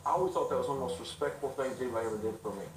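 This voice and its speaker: A middle-aged man, a guest in an interview, telling stories in an animated, quick way with restarts. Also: mid-range voice, noisy background. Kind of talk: storytelling in a casual interview. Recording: roomy sound from a distant mic.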